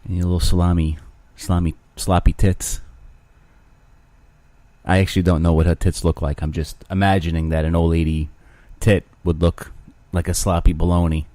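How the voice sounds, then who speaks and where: A man's voice: low-pitched, level tone, moderate pace, mellow, no echo. A man hosting his own show alone, rambling crudely with self-mocking humor. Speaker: podcast host. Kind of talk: casual solo rambling.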